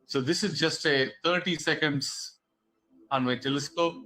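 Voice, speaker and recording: A man, an amateur astronomer, chatting plainly and a little haltingly about his telescope pictures. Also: fairly high pitch, pushed and bright, low-quality recording. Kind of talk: casual observing vlog.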